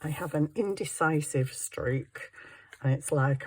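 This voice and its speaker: A woman's voice: low-pitched, takes it slowly, darkish tone, breathy edge. A woman talking through her papercraft in a rambling, self-mocking way as she works at her desk at home. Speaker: papercraft vlogger. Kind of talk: chatty crafting commentary.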